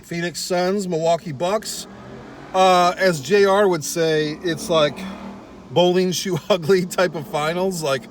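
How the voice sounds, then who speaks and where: A man with a voice a little higher than most talks to his viewers from a car while he eats. He rambles and swears freely, with wry asides to the audience. A faint hum of background noise sits under his voice. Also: takes it slowly. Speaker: vlogger. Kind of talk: casual eating vlog rant.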